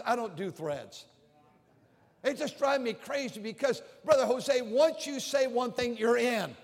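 An older male pastor delivers a sermon with a strikingly high voice. He hammers his points home by repeating phrases. The sound rings with a long hall reverb from the church sanctuary. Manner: emphatic preaching with repeated phrases.

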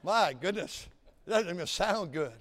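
A man preaching a sermon, telling folksy stories and building to shouted exhortation. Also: high voice, lively intonation, moderate pace. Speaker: pastor. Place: large church sanctuary. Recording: church sanctuary with long reverb.

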